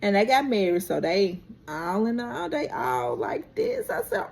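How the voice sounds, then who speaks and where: A woman vlogger recaps a TV episode in a chatty, unhurried way. Her pitch swings widely as she tells the story, and her voice carries a gravelly edge. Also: slight background noise. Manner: chatty, animated, drawn-out storytelling.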